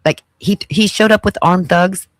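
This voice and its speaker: A woman's voice: fairly low pitch, normal speed, dry recording, clean studio sound. A woman podcast host giving sassy, preachy commentary as she reacts to clips. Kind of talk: casual commentary.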